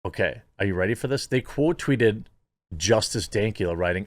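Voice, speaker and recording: A man's voice: on the low side, lively intonation, moderate pace, no echo. A man hosting casual online commentary, rambling and incredulous, with frequent filler words. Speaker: YouTube commentary host.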